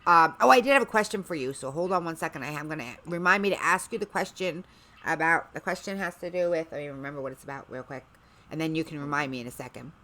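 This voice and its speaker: A woman's voice: low-pitched, fast, bright, forceful tone. A woman hosting a livestream, chatting casually in a rambling way with sarcastic asides. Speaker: livestream host.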